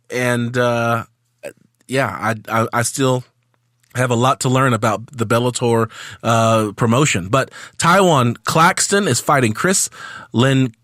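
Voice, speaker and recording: A man hosting a casual sports podcast, jokey and energetic, acting out quotes as he goes. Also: medium pitch, unhurried, dry recording, studio quality. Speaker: podcast host.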